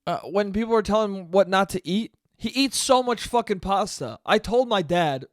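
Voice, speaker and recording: A man's voice: high voice, normal speed, no echo, studio quality. Young man ranting profanely into a podcast mic. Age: young adult. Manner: profane, animated storytelling. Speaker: podcast host. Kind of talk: casual solo podcast monologue.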